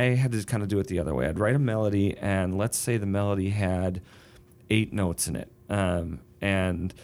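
Man, low voice, casual chat, thoughtful songwriter explaining his craft. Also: a little mellow. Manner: thoughtful, explains with sung rhythms and examples. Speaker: songwriter and novelist. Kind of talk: casual conversation.

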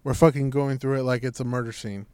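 A man's voice: mid-range voice, fast talker, clean tone, no echo. A man telling a long story in casual chat, acting out what others said and swearing freely. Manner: animated, acts out quotes, swears freely.

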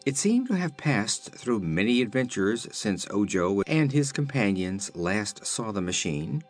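A man's voice: mid-range voice, breathy edge. A man reading a children's fantasy book aloud as narrator. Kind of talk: audiobook narration.

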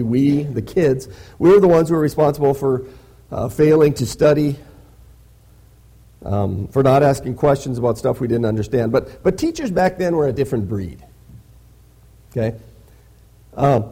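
A man's voice: mid-range voice, mellow, husky. A man preaching a sermon in a conversational way, often checking in with "right?". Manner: conversational, peppers lines with "right?". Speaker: pastor.

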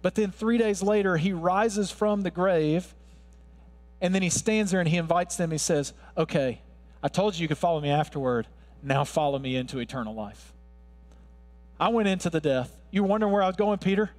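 High-voiced male preacher in a hall. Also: normal speed. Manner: earnest preaching, swelling louder when quoting scripture. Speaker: pastor. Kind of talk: sermon.

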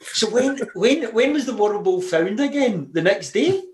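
A man's voice: high-pitched, animated, unhurried. A Scottish man hosting a casual chat, telling stories with frequent laughs. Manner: laughing, chatty storyteller. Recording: roomy echo.

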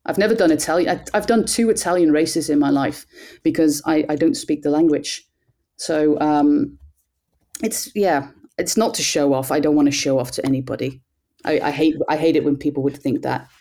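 A woman with a Dutch accent, a cycling commentator, talking in an animated, self-deprecating way with frequent restarts. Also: deep voice, moderate pace. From Netherlands. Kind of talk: conversational interview.

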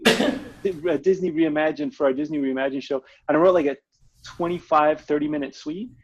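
A man's voice: a little high, normal speed, slightly rough. A man in casual chat, telling rambling stories with many restarts and giggles. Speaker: bandleader and podcast co-host. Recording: dull lo-fi sound.

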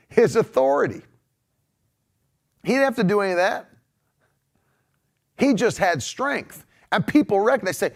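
Male preacher on a livestream, real animated, kinda high voice, stretches words for emphasis. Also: unhurried, long pauses. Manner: emphatic, drawing out key words, laughing asides. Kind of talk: livestream sermon reading comments.

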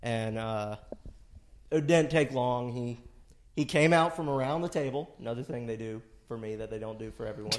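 Guy in his late 20s telling a story on a podcast, swears a lot, dry asides, normal pitch. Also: moderate pace. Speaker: podcast co-host. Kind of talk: casual chat.

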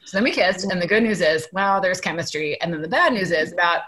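A young woman telling a story as a podcast guest, animated and self-deprecating, acting out the dialogue, on a video call from home. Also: lowish voice, quick pace. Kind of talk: casual storytelling.

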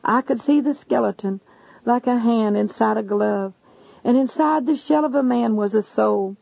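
Earnest lady preacher telling her testimony, highish voice, dry muffled sound. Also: moderate pace, gravelly, dark tone, dry recording. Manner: earnest, addresses listeners as "my friend". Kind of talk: testimony sermon narration. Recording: dull lo-fi recording.

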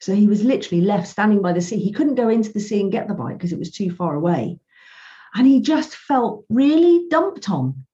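A woman's voice: medium pitch, big pitch swings, brisk, dark tone. A woman, a financial coach, telling stories in a podcast chat and acting out both sides of each conversation. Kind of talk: podcast interview. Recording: dull lo-fi sound.

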